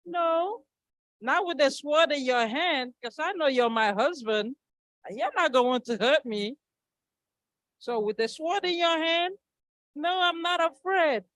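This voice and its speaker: A woman's voice: sits high, unhurried, a bit bright, no echo, voice pushed up. A woman voicing a frightened young wife in a children's story. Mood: panicked.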